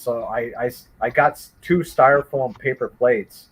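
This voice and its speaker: Man guest, mid pitch, rambling storyteller voice, casual chat. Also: normal speed, poor audio. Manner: rambling animated storytelling with many restarts.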